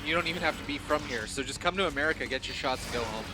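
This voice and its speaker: A man's voice: medium pitch, rapid-fire, over music. A man co-hosting a live stream, chatting in a laid-back way and laughing easily. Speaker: stream co-host. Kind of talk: casual chat.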